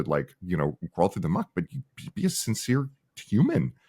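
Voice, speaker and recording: A man's voice: low-pitched, brisk, husky. A middle-aged man, a company founder, talking casually in an interview and acting out the people he quotes. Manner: animated storyteller, acts out quoted people.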